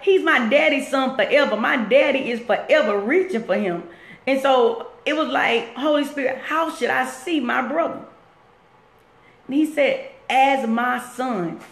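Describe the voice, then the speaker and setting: A woman talking on a live stream from work, earnest and preachy, repeating her points as she encourages viewers. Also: high-pitched. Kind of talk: casual live-stream talk. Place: at work, roomy space. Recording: echoey room.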